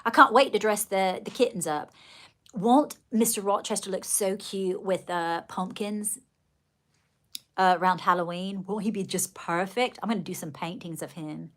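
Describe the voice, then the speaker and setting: A woman's voice: medium pitch, moderate pace, a bit bright. A woman from Georgia with a Southern accent, chatting casually and rambling fondly to viewers on a livestream. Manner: chatty, gushing, rambling, calls viewers darling. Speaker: livestream host.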